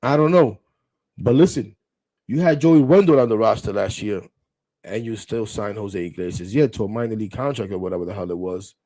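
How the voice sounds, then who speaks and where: A man's voice: lowish voice, fairly quick, dark tone. A man hosting a live sports talk show, rambling bluntly, swearing casually and talking straight to his viewers. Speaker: podcast host.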